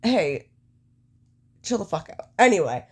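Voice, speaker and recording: A young adult woman co-hosting a podcast, talking casually and swearing freely. Her storytelling is lively and animated, with a mid-range voice. She jumps between quick asides and recaps. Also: mid-range voice, husky. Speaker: podcast co-host. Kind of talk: casual chat.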